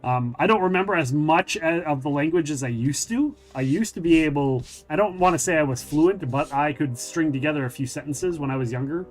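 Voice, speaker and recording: A man's voice: on the high side, fairly quick, few pauses, faint music behind. A middle-aged man hosting a gaming stream, chatting casually in a rambling, hesitant way with many fillers. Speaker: streamer host.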